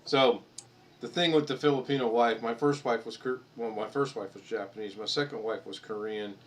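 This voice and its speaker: An American man hosts a casual live stream chat in a medium-pitched voice, talking a little fast. He rambles, jokes, and laughs at his own stories.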